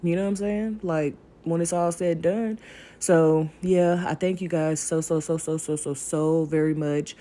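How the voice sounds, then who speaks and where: Mellow-voiced chatty woman vlogger. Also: low voice, fairly even intonation, moderate pace. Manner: rambling and talkative, addresses viewers directly. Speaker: crafting channel host.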